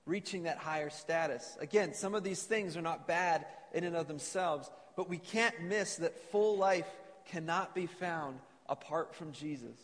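A man preaching an earnest sermon to a congregation and reading scripture aloud in a church. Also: on the high side. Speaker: pastor. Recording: long reverb of a church hall.

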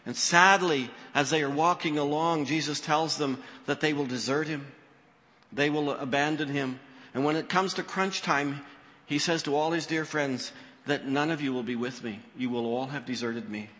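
A man's voice: a little high, steady tone, moderate pace, bright, forceful tone, in a large hall. A man preaching a sermon as pastor, telling the story expressively and acting out the quoted voices.

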